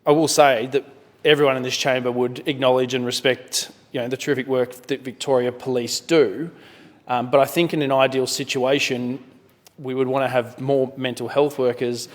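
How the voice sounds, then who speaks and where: An Australian man giving a parliamentary speech in a measured way, with many fillers and self-corrections. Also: mid-range voice, flat delivery, long reverb tail. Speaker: member of parliament. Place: parliament chamber.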